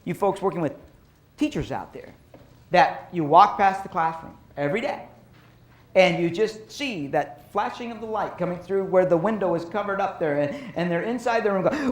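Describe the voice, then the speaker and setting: A middle-aged man giving a professional development talk to educators, telling lively stories and acting out teachers and kids. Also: sits high, normal speed. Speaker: speaker on child behavior for educators. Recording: roomy echo.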